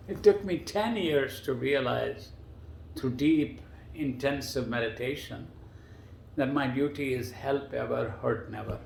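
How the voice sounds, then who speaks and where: A man with a gravelly, creaky edge tells his stories casually and with animation, leaping up in pitch whenever he acts out what others said. His voice sits at a middle pitch and rings in a roomy, echoing space. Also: a little slow, slight background noise. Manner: animated, jumps much higher in pitch for quoted dialogue. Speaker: guest storyteller. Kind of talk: casual spoken storytelling. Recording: roomy echo.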